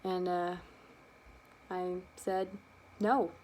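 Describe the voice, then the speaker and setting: A young adult woman telling a personal childhood story, lively and animated, acting out the quotes. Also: lowish voice, extremely slow, a little hiss or hum. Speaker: student storyteller.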